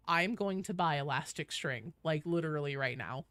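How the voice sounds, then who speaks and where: A young woman live-streaming from a small home office, her voice bright and ringing and leaping up and down as she chats with viewers. The sound is dry and close, with no room echo. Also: deep voice, expressive, unhurried. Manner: chatty, talks to chat and her cat. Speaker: game streamer. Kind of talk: casual live-stream chat.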